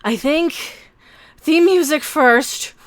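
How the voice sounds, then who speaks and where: A woman in her forties hosting a ranting opinion vlog, emphatic and repeating herself forcefully. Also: sits high, slow pace, no echo, faint music behind. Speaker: commentary channel host.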